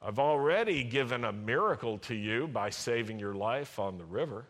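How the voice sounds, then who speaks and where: A man voicing God as a gentle, encouraging deity who speaks softly and reassuringly. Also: expressive, moderate pace. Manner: soft, reassuring, low-key.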